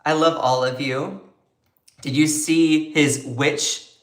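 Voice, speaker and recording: A woman's voice: deep voice, fairly even intonation, slow pace, reverberant. A woman hosting a live-streamed news commentary show, chatty and opinionated, reacting to viewers as she talks. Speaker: host of a news commentary livestream.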